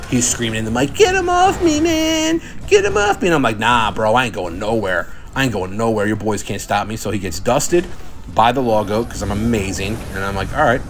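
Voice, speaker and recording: A man's voice: on the low side, slight background noise. A young man giving boastful, trash-talking commentary over his own gameplay footage. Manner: cocky trash talk, swaggering. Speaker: gaming video commentator.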